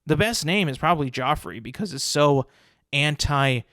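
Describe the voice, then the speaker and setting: A man's voice: on the high side, expressive, normal speed, a bit bright, no echo, studio quality. Rambling, profane young male podcast host. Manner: rambling, profane, many fillers and restarts. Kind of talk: solo podcast rant.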